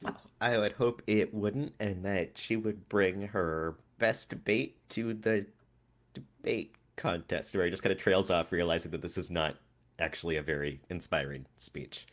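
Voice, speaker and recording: A man's voice: low voice, fairly even intonation, measured pace. A man playing a tabletop game, speaking with dry, wry humor. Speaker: player. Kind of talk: tabletop role-play.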